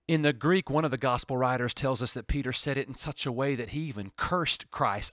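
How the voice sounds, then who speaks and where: A male pastor preaching a radio sermon, swinging from urgent pleading to hushed near-whispers. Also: on the high side, expressive, brisk, few pauses, no echo, clean studio sound.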